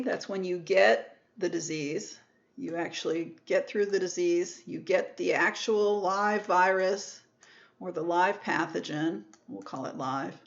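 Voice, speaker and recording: Woman lecturing slowly on immunology, lo-fi. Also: mid-range voice. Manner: explanatory, repeats and rephrases terms, self-corrects. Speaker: microbiology lecturer. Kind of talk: recorded lecture.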